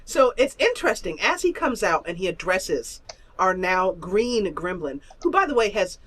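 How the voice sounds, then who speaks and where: A woman's voice: medium pitch, big pitch swings, normal speed, a bit bright, slight background noise. A woman narrating as game master of an online tabletop role-playing game, telling the story in a playful, giggly way with flowery descriptions. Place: online voice call.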